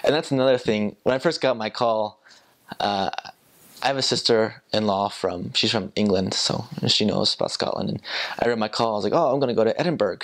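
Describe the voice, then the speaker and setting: A young American man chatting casually in a relaxed, rambling way, with many fillers and small chuckles. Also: on the low side, normal speed. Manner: relaxed, rambling, with frequent ums, likes and chuckles. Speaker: returned missionary. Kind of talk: casual chat.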